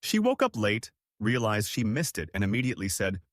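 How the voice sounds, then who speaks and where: A man's voice: fairly low pitch, very animated, fairly quick, no echo, studio quality. A man giving scripted narration of reader-submitted stories in a wry storytelling manner.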